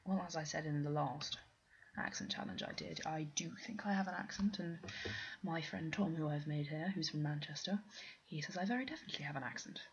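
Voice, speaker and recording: A young woman with a posh English accent and a low voice rambles through a vlog question list, self-deprecating and full of ums. The audio is dull and lo-fi with a faint hiss underneath. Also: a little fast. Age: young adult. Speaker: vlogger doing an accent challenge. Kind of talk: casual chat answering a question list.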